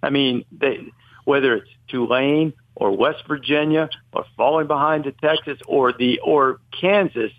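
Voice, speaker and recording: A man's voice: mid-range voice, a little slow, no echo. A man debating college football as a podcast guest, rambling and correcting himself as he argues his point. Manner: rambling, self-correcting, opinionated. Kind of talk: casual sports debate. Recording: tinny phone-like line.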